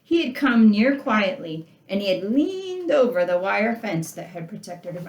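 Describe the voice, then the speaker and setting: Animated woman teacher in an echoey room. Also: medium pitch, moderate pace, hardly any pauses. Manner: animated, talks to listeners with questions, reads passages aloud. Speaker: literature teacher. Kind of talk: lecture reading and discussing a story.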